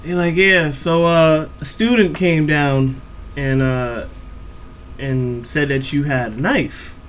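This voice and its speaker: A young man telling a profane, animated story on a reaction video channel. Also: on the high side, takes it slowly, slight background noise. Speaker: YouTube reaction host. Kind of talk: storytelling vlog chat.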